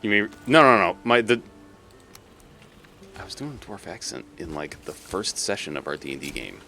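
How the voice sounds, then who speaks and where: Massachusetts guy streaming games, chatty and sweary, lowish voice but super animated. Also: normal speed, gravelly, faint music behind. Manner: rambling, swearing, laughing, chatty. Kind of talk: casual live-stream chat while gaming.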